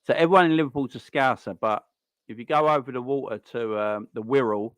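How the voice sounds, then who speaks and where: A man talking casually through a live football watchalong, rambling and answering his viewers between the action. His voice sits at an ordinary middle pitch. It is picked up dry and close, with no room sound around it. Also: a little fast, a bit bright, dry recording. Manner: chatty and rambling, greets viewers and answers chat. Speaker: live-stream host.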